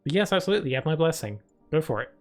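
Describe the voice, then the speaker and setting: Very fast and fairly high-pitched with big pitch swings, a man chats casually while streaming a video game over game music. Playful and talkative, he responds to viewers with plenty of fillers and restarts.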